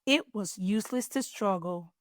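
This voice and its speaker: A middle-aged woman hosting a children's storytime and reading a picture book aloud with an animated, expressive teacher's manner. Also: mid-range voice, moderate pace, no echo, studio quality. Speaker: host and children's story reader.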